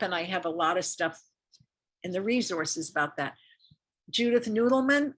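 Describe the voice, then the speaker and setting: An older woman lecturing at a community health talk, chatty and encouraging, often repeating herself for emphasis. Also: on the low side. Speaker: lymphedema lecturer. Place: community center lecture room.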